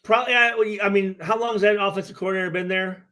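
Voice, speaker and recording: A man's voice: high-pitched, fairly even intonation, racing, sharp tone. A man in his forties, a former player, talking in a casual podcast chat, hesitant with many restarts and plenty of swearing. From Michigan. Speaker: former player and guest analyst.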